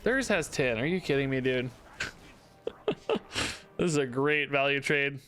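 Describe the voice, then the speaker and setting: A man's voice: mid-range voice, unhurried, bright, forceful tone. A young man streaming a card game, chatting to his viewers in a loose, self-mocking way and laughing often. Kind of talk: casual gameplay commentary.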